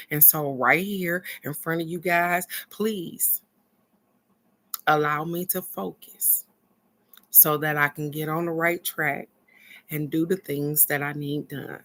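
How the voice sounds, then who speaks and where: A middle-aged woman giving a casual motivational talk, animated and earnest, moving between excited bursts and soft encouragement. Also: sits low, unhurried. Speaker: spiritual card reader and vlog host.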